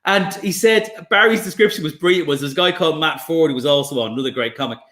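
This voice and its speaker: A man chatting as a guest comedian, telling lively anecdotes with swearing and restarts over a video call. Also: fairly high pitch, fast talker. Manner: animated storyteller, swears, restarts. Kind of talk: casual chat, anecdotes. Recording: echoey room.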